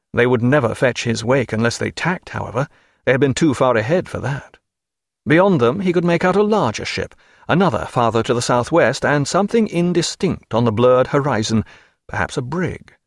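A man narrates a seafaring novel in a measured, steady reading voice. His pitch sits in a middle range. The recording is dry and close. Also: no echo. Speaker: audiobook narrator. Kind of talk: scripted narration.

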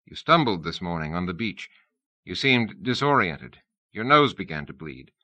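A careful corporate man speaks in measured, solicitous, slightly evasive phrases as a male narrator plays him. His voice is low and bright-edged. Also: big pitch swings, no room sound, exaggerated voice. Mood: concerned.

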